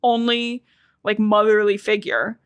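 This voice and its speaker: A woman's voice: medium pitch, flat delivery, measured pace, smooth, no room sound, studio quality. A young woman co-hosting a podcast, casually retelling a book's plot with swearing and emotion. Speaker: podcast co-host. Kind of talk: casual book recap chat.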